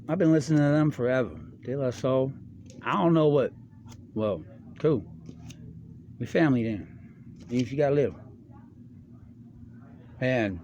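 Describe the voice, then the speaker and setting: A man's voice: mid-range voice, darkish tone, dull audio, a little hiss or hum. A middle-aged man in a loose, rambling monologue. He talks in a slangy, profane way, drifting from one topic to the next. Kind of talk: rambling stream-of-consciousness monologue.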